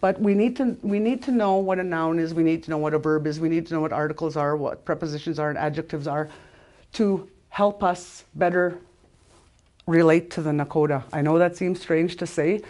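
An older woman teaching an informal language lesson, often losing her place and restarting, and sounding out syllables slowly and repeating them. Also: sits low, darkish tone.

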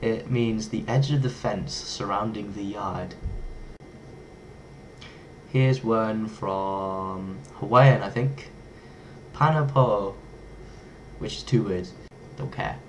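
A chatty man with a lowish voice talks straight to camera in a loose, playful way. He trips over hard words and laughs at his own fumbles. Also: slow, slight background noise. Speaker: vlogger. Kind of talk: casual talk to camera.

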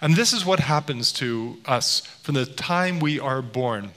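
A man's voice: mid-range voice, animated, measured pace, pushed and bright. A middle-aged man giving a public lecture, telling stories with playful voice impressions. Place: lecture hall. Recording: long hall reverb.

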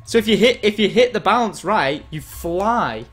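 A man chatting casually as he plays a game, explaining and getting excited as he goes. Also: high-pitched, unhurried, faint music behind. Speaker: gaming host. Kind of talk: casual chat while gaming.

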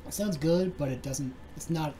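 A man who is a guest in a casual chat, joking and tossing off quick banter. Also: on the high side, a crowd in the background, poor audio.

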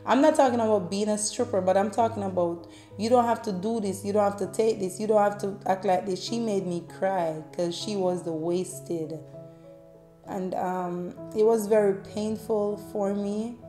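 A woman, chatting to her viewers in a casual, heartfelt way, swinging between loud bursts and soft tones. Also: medium pitch, fairly even intonation, moderate pace. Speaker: vlogger. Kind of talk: casual storytelling to camera. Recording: roomy echo, faint music.

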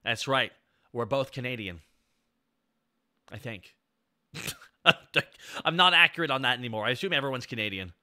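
A man live-streaming as a VTuber in casual, goofy chat, jumping between loud bits and low mumbled asides.

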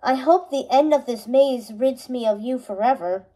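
A woman's voice: sits high, moderate pace, mellow, poor audio. Woman reading as a wry proud young prince. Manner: dry, teasing quips.

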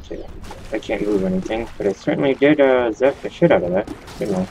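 Male let's-play host, deeper voice, loose joking commentary. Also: animated, fairly quick, vocal fry, background noise. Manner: rambling, joking, swears at the game. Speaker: gaming channel host.

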